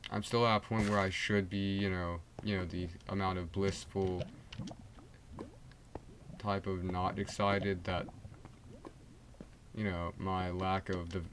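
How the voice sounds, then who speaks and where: Over heavy background noise, a teenage male streamer chats aimlessly during gameplay. He speaks slowly in a low, even tone, pausing often, using lots of fillers and starting sentences over.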